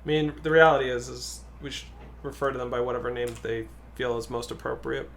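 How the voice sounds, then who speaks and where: A man's voice: medium pitch, flat delivery, a little fast, vocal fry, a little hiss or hum. A man, a guest co-player, chatting casually and thinking aloud while commenting on a card game.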